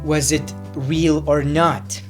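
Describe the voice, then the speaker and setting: Excitable male YouTuber rambling over clips, voice sitting a bit high. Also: slow pace, music in the background. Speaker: YouTube commentator. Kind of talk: casual reaction commentary.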